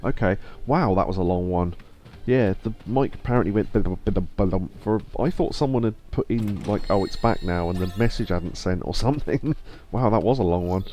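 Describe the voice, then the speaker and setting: A man's voice: deep voice, a little fast, few pauses, mellow. A man with a stuffy nose casually chatting through a live game stream, rambling to himself and reading mission text aloud. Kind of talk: casual live gameplay commentary. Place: home streaming setup.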